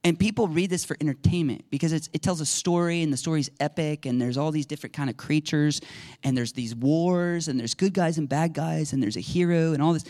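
A man's voice: on the high side, brisk, no room sound. Fervent conversational male preacher. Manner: conversational, bursts into loud excited shouting. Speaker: pastor. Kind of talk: sermon.

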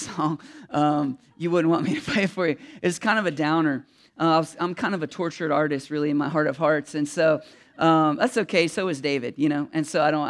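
Emotional pastor preaching conversationally. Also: male voice, on the high side. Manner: candid and conversational, with many fillers and asides. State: emotional, voice catching. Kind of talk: sermon.

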